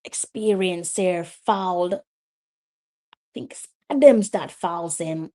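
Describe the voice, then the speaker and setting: With a voice on the low side and a slow pace, a woman hosts a live watch-along of casual, chatty play-by-play commentary, letting out loud exclamations at the action.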